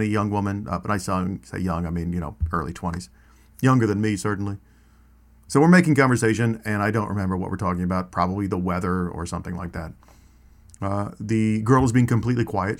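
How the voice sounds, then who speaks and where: A man with a fairly low voice tells his stories in a relaxed, conversational way. He wanders into asides and restarts his sentences as he goes. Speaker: storyteller. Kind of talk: casual spoken storytelling.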